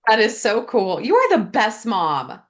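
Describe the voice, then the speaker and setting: A woman's voice: mid-range voice, huge pitch swings, unhurried. Slangy, enthusiastic woman podcast host. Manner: enthusiastic, slangy, swears freely. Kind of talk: casual chat.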